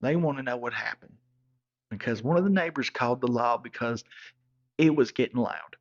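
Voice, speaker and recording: Speaking at normal speed with a medium pitch, this comedic storyteller spins a rambling, foul-mouthed backwoods tale. Audio quality is dull and lo-fi.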